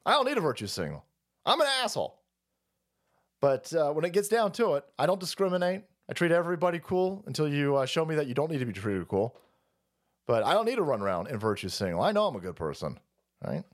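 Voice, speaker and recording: A man's voice: on the high side, very animated, quick pace. A man hosting a livestream, delivering profane, heated political rants. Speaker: livestream host. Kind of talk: ranting political commentary stream.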